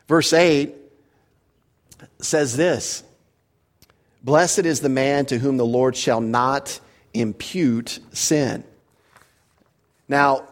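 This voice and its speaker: A male pastor preaching a verse-by-verse sermon in a church, earnest and emphatic, animated when he explains a point. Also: mid-range voice. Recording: long reverb of a hall.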